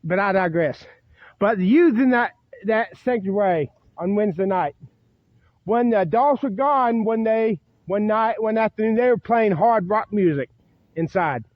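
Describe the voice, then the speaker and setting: High-pitched, profane man in his fifties, a bitter outdoor vlog rant at night, muffled dry audio. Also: dry recording. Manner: profane, bitter, repeats himself. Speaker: vlogger. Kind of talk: angry rant to camera. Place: outdoors at night beside a church.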